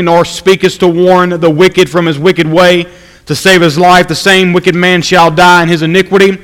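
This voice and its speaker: A man preaching an evening sermon, reading scripture aloud and slowly repeating his key points for emphasis. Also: high voice, fairly bright tone, clean tone, long reverb tail, rough recording.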